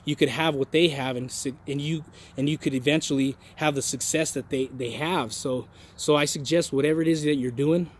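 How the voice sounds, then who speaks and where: A man's voice: a little high, steady tone, fairly quick, a little hiss or hum. Rambling earnest motivational guy. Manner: rambling, many restarts and repeated words; folksy, earnest pep-talk delivery. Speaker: motivational vlogger. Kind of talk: casual motivational monologue.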